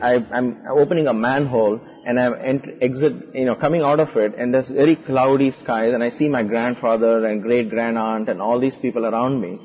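A man telling a personal story in conversation, animated, with frequent restarts. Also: mid-range voice. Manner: animated, acts out quoted voices, frequent restarts. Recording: muffled with long reverb and faint music.

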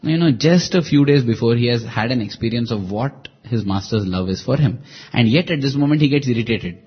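Husky earnest man telling a devotional story. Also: mid-range voice, animated, brisk, highs cut off. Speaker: devotional speaker.

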